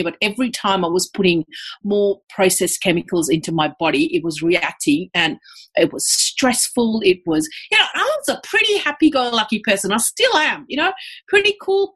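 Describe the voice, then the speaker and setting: An Australian woman telling her story as a podcast guest in a casual, animated way, with lots of fillers. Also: mid-range voice. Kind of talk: casual conversational interview.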